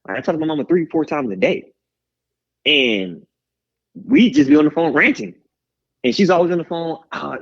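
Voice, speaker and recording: Here's a lively Houston, Texas man, a guest musician in a candid interview, whose voice sits on the high side with a breathy edge. He's animated and rambling with hype-man energy, and the lo-fi radio recording comes across slightly dull.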